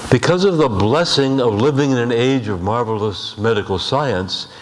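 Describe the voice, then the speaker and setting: Guy preaching in a church, steady mid voice, long echo off the hall. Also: medium pitch. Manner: measured preaching, slows for emphasis, rhetorical questions. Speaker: pastor. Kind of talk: sermon. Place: church sanctuary.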